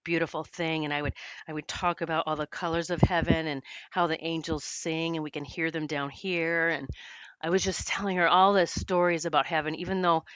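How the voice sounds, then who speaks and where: A woman's voice: sits low, a bit bright, no echo, muffled recording. Earnest woman telling a personal story. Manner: earnest, emotional retelling with quoted dialogue. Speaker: podcast host, psychic medium.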